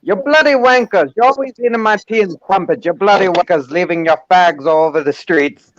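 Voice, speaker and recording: A man's voice: high voice, moderate pace, fairly bright tone, dry recording, muffled recording. A man doing a crude, grumpy old Englishman. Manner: exaggerated swearing caricature.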